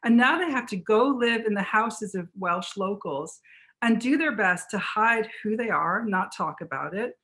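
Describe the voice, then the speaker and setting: Woman author, book talk guest, lively fast storytelling, mid-pitched. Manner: animated, fast storytelling with restarts.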